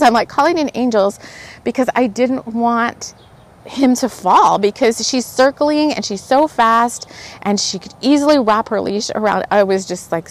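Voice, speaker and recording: A woman's voice: medium pitch, creaky, slight background noise. A woman vlogger telling a rambling story in a chatty, casual way, laughing often and filling her talk with "like". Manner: chatty, laughs often, uses many fillers. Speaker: spiritual vlogger.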